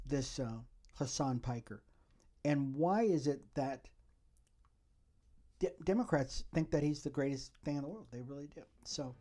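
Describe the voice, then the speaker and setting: A man's voice: mid-range voice, normal speed, long pauses, dark tone. A man hosting a solo political commentary podcast, talking in a rambling way and often checking in with "okay?". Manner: rambling, repeats "okay?" to the listeners. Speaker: podcast host.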